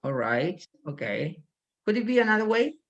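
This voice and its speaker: Lively-voiced woman teaching English grammar. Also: lowish voice, normal speed, dull audio. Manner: reads example sentences aloud and calls on students by name. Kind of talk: online English grammar class.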